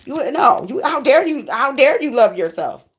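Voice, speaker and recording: A woman voicing a deceitful ex-lover who begs and whines in a high wheedling voice. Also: sing-song, normal speed. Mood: mocking. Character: whiny pleading deceitful ex-lover.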